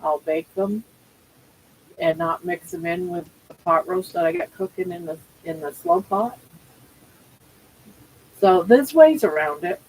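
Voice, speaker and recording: A woman's voice: fairly low pitch, very animated, a little slow, gravelly, pauses often, a little mellow, a little hiss or hum, low-quality recording. An older woman at home hosting a casual live chat, talking in a chatty, rambling way and often restarting her sentences. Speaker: livestream host.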